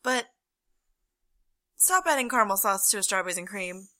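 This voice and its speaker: Bright, teasing woman co-host. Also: medium pitch, expressive. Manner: teasing, quick laughs, dry asides. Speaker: podcast co-host, barista. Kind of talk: casual chat.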